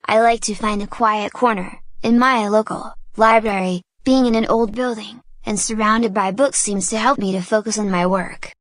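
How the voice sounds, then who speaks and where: A woman's voice: mid-range voice, fairly even intonation, moderate pace, hardly any pauses, a bit bright, no room sound. Female candidate, composed scripted answers, dry sound. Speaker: sample exam candidate.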